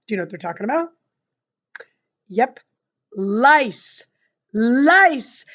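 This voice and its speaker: A woman's voice: medium pitch, very animated, brisk, darkish tone, breathy edge. A woman reading a novel aloud expressively, adding chatty asides to her listeners. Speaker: reader. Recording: dull lo-fi recording.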